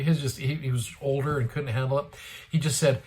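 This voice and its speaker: A man's voice: medium pitch, lively intonation, fast. A man hosting a daily scripture show, telling a personal faith story earnestly and lifting his voice when he quotes people. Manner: earnest, retells dialogue with a lifted voice. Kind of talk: devotional storytelling.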